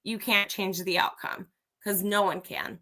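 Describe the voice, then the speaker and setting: A woman's voice: medium pitch, little pitch movement, unhurried, pushed and bright. A woman hosting a livestream, giving a blunt, profane opinion rant straight to her viewers. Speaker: livestream host. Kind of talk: ranting live commentary.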